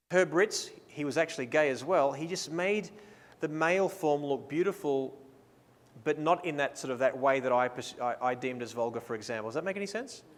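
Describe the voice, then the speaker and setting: Aussie guy giving a photo seminar, playful and excited, slightly high voice, echoey big hall. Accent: Australian. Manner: enthusiastic, casual and playful. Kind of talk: seminar talk with live posing direction.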